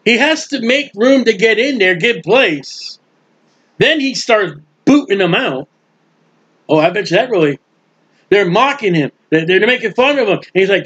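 A man teaching a Bible study sermon in a lively, animated way, playing out the voices of people in the story. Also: high voice, moderate pace, husky. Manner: animated, acts out bystanders' mocking voices. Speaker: preacher. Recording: dull lo-fi recording.

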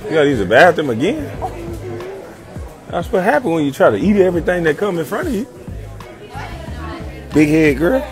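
A man's voice: on the high side, sing-song, moderate pace, long pauses, music in the background, crowd noise. A man in his thirties, a former pro athlete, chatting casually in a playful way, full of slang, repeating himself and laughing as he talks. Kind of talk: casual chat.

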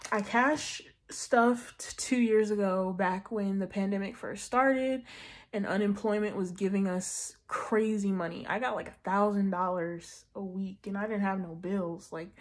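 A young woman in her twenties talks straight to her viewers in a loose, slangy way. Her delivery is chatty and animated, full of asides and jokes, with a middle-pitched voice. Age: 20s. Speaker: budgeting vlogger. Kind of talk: casual chat.

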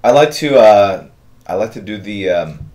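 A middle-aged man hosting a live drawing stream, giving relaxed, rambling step-by-step instructions and thanking viewers in the chat. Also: on the low side, measured pace. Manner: relaxed, rambling instructions with fillers and chat-reader shout-outs. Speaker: artist hosting a draw-along stream.

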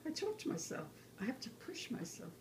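A woman's voice: high voice, a little fast, background noise. A woman in her nineties, a grandmother talking to her grandson about her life in an earnest, storytelling way. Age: 90s. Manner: animated, acts out remembered quarrels in a raised voice; earnest, drops to a quiet hush on life lessons. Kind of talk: reflective personal storytelling.

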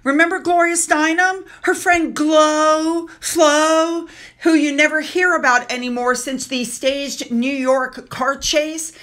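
A woman's voice: high voice, steady tone, unhurried, few pauses, fairly bright tone. A woman hosting a casual commentary video, talking emphatically with opinionated, sarcastic asides. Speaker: commentary channel host.

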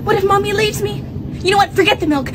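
A woman's voice: very high voice, quick pace, very noisy. Young woman doing a whiny little kid. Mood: panicked. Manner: whining, pleading, crying. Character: whiny clingy little child. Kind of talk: comedy sketch role-play.

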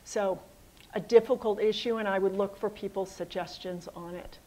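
A middle-aged woman, a college dean, answering audience questions in a hall, a little hoarse and pausing with ums and uhs. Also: medium pitch, fairly even intonation, darkish tone. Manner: thoughtful, with frequent ums and uhs. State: losing her voice a little. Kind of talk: public address with audience Q&A. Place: assembly hall.

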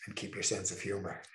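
A man leads an online creativity talk, delivered in an expressive lecture style with emphatic, drawn-out pauses. His voice sits at an ordinary male pitch. The recording sounds roomy and echoey. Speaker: speaker presenting a creativity session.

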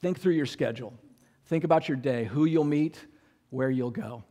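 Guy pastor preaching, chatty and jokey, average pitch, acts out little convos. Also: moderate pace, mellow. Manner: conversational, joking, acts out quotes. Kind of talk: sermon.

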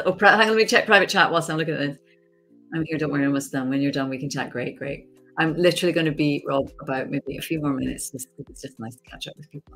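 Actress, low husky voice, relaxed livestream chatter with frequent laughs. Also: female voice. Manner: chatty, laughs often, reads chat aloud. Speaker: actress hosting a fan signing livestream. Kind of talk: casual livestream chat.

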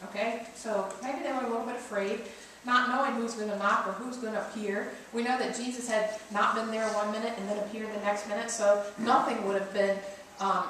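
Woman pastor, slightly high voice, teasing and coaxing the congregation, heard from far back in a very echoey church. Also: fairly even intonation, a little fast, a bit bright, slight background noise. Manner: playful, coaxing congregation to join in. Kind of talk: interactive sermon. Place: church sanctuary.

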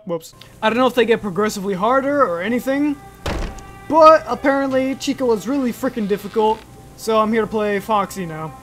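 A man's voice: sits high, fairly bright tone. A young man commenting as he plays a horror game, jumpy, swearing and screaming whenever he is startled. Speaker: gaming channel host.

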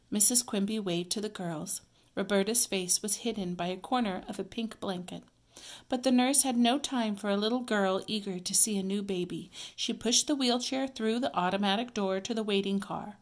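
A woman teacher reading a children's story aloud, clear, expressive and measured. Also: medium pitch.

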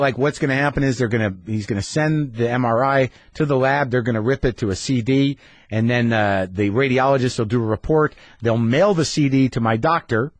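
Husky-voiced man telling an anxious comic story. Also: medium pitch, no room sound. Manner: anxious, rambling, sardonic. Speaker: podcast host. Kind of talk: comedic storytelling monologue.

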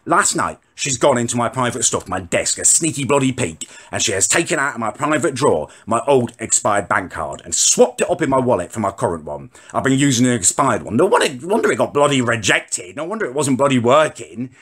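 A man's voice: mid-range voice, big pitch swings, fairly quick, hardly any pauses, fairly bright tone, distant mic. A man ranting indignantly to camera in a comic monologue, swearing as he tells his story. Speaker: character comedian ranting to camera. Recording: echoey room.

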